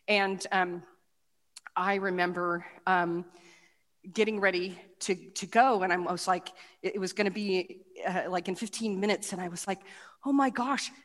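A woman's voice: fairly low pitch, moderate pace. Woman telling her testimony in a reverberant hall. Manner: animated, acts out quoted voices, many restarts and fillers. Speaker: speaker giving a testimony. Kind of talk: personal testimony talk with slides.

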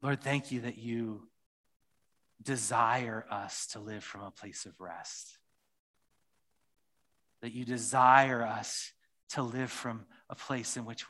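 Earnest, bright-voiced male preacher. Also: medium pitch. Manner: earnest, with repeated phrases. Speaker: pastor. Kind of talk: sermon and closing prayer.

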